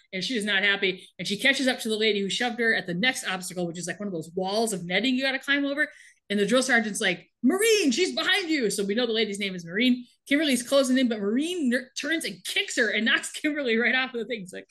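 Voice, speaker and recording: Woman, podcast co-host, casual chat, animated, bright voice, fairly high pitch. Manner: animated, laughs often while telling. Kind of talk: casual chat recapping a TV show.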